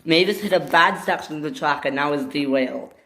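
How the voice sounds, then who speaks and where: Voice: medium pitch, a little fast, fairly bright tone. A storyteller improvising narration for a homemade toy train video, rambling and often restarting sentences. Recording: echoey noisy home recording.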